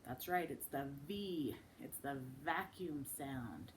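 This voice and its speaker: A woman teaching a children's phonics lesson. She models each sound slowly and with exaggeration, and breaks into sing-song chants. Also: sits low, animated, a little hiss or hum. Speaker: speech and language teacher.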